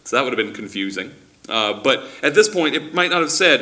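A man delivers a sermon in a relaxed, conversational teaching style, stumbling and restarting often as he thinks aloud. His voice is bright and forward, sitting around the middle of the male range. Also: medium pitch, brisk. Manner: conversational teaching with frequent restarts and acted-out quotes. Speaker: preacher.

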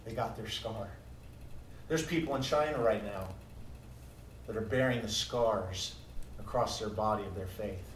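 A man preaching a sermon as pastor, moving between quiet musing and loud, emphatic declarations. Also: on the low side, measured pace, long pauses, a little hiss or hum. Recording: echoey room heard from a distance.

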